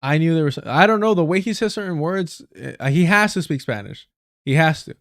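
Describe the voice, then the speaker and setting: A man with a fairly high voice rants on his livestream, blunt and profane, using plenty of street slang. He circles back on phrases for emphasis and often restarts sentences. The sound is dry and close, with no room echo. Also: lively intonation, brisk, a bit bright. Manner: storytelling with repeated phrases and self-corrections. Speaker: livestream host. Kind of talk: casual ranting commentary.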